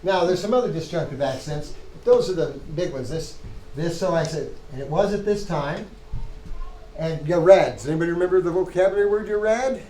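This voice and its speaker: A man teaching a Hebrew reading class, thinking aloud with halting restarts as he parses the text. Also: a little high, animated, mellow, roomy sound, rough recording. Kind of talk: classroom lecture.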